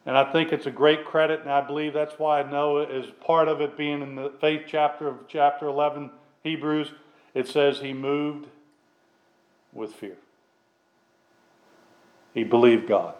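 A man preaching a sermon in an earnest, halting way, with restarts and fillers, loud on key lines and dropping quiet at their ends. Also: medium pitch, low-quality recording. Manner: swings between loud emphatic lines and dropped, quiet endings.

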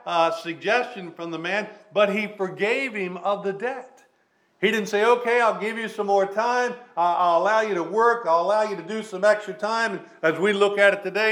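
A man preaching a sermon, reading scripture aloud and then explaining it with plain talk, stressing key words slowly. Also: high-pitched, a bit bright. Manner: reads scripture in King James wording, then preaches with fillers and restarts.

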